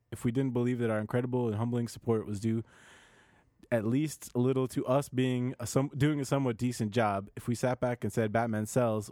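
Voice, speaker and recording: A man's voice: mid-range voice, mellow, no echo, studio quality. A man co-hosting a casual podcast chat, reading posts aloud and breaking into laughter, with frequent restarts. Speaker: podcast co-host reading news.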